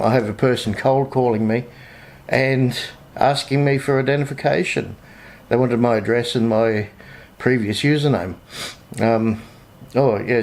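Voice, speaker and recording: A man's voice: mid-range voice, darkish tone. An Australian man vlogging a casual update, indignantly retelling his phone calls in his own voice.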